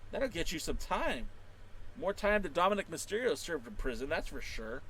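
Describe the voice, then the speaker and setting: A wrestling podcaster and blogger with a fairly high voice hosts a playful livestream chat at a moderate pace, reading out viewer comments. He jokes around and breaks into sudden loud, excited bursts, with slight background noise in the recording.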